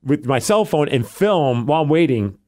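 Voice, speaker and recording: A man, a podcast host telling a story in a casual chat, animated and acting out quotes. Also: a little high, normal speed, no echo. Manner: animated, acts out quotes in funny voices. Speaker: podcast host, part-time wrestler.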